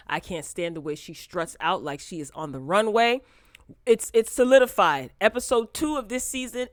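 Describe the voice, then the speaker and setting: Sassy woman host, chatty and expressive. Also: mid-range voice, dry recording, studio quality. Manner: animated, sassy, talks to viewers directly. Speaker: host of a pop culture talk show. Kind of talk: casual commentary vlog. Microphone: close desk mic.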